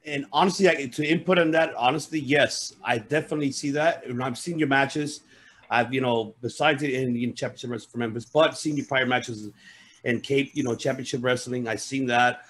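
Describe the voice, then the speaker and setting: A man's voice: mid-range voice, fairly quick, a bit bright. A man hosting a podcast, talking eagerly and rambling with restarts. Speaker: podcast host. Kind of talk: casual interview talk.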